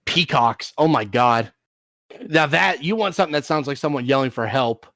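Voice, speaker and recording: A man's voice: medium pitch, animated, normal speed, fairly bright tone, no room sound. Guy streaming, just rambling and swearing, dead dry mic. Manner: rambling, restarts, swears casually. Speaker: streamer host. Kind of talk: casual chat.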